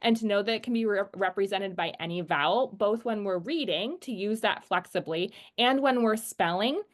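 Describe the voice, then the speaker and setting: A woman teaching a phonics lesson, explaining patiently and slowly acting out sounds. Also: medium pitch.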